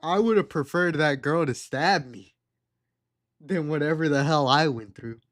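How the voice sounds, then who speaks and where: A man's voice: a little high, a little slow, a bit bright. A young adult man streaming live, telling a rambling story and laughing at it.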